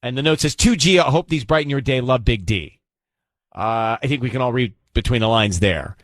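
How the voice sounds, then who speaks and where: A man's voice: medium pitch, no echo. A man hosting a morning radio show, chatting and joking with co-hosts and callers. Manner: joking, teasing, quick laughs. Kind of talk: casual morning radio banter.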